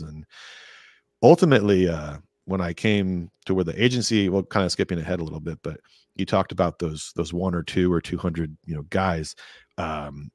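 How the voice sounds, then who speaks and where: A man with a deep, low voice tells long, rambling stories in a relaxed podcast chat, jumping up in pitch whenever he acts out what someone said. The sound is dry and close, with no room around it. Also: no echo. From California. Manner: rambling, animated, acts out quotes in a higher voice. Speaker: podcast guest. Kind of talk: casual storytelling interview.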